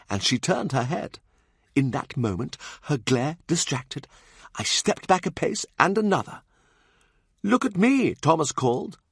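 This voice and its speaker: A man's voice: a little high, vocal fry, slightly rough, dry recording, clean studio sound, voice pushed up, exaggerated voice. A man voicing an old knight courtier telling a dramatic story in an audiobook. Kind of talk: audiobook character voice.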